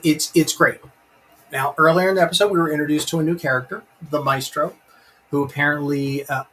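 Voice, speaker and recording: A man's voice: mid-range voice, fairly bright tone, a little hiss or hum, low-quality recording. Enthusiastic rambling male stream host. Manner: enthusiastic, rambling, reads out chat comments. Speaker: live-stream host reviewing a TV episode. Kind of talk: casual live-stream chat.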